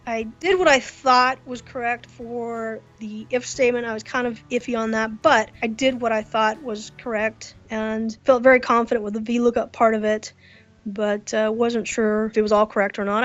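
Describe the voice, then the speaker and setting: A woman guest in an interview, telling workplace stories in a lively, casual way and acting out the reactions she quotes. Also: on the high side, no echo. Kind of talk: casual storytelling. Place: hotel during a convention. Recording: dull lo-fi recording.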